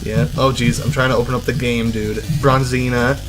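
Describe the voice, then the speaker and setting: A young man chatting casually while playing a game, jokey and quick to laugh. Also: medium pitch, level tone, over music. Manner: jokey, laughs often, scattered. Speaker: co-host.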